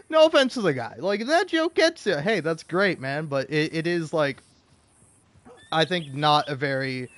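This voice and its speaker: Profane, rambling young man ranting. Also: a little high. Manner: profane, animated, rambling with restarts. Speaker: streamer reading comments. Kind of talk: casual rant while playing a game.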